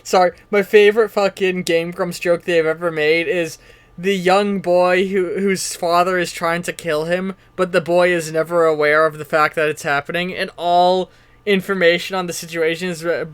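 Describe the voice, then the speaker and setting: Joking game master with a dry, close voice. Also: male voice, high voice, flat delivery, normal speed, clear, resonant tone, no room sound. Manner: loose, joking, rambling. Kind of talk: running a tabletop game.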